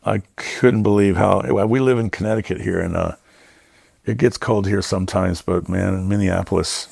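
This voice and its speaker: A man's voice: deep voice, steady tone, normal speed, gravelly, slightly rough, no echo, clean studio sound. A middle-aged man, a production designer, chatting as a guest and telling rambling stories full of fillers. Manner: rambling, warm storytelling with many fillers. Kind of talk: casual interview chat.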